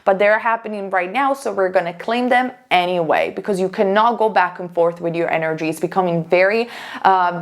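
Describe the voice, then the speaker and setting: A woman giving a casual pick-a-card tarot reading as a psychic, chatty and emphatic, with fillers and restarts. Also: mid-range voice.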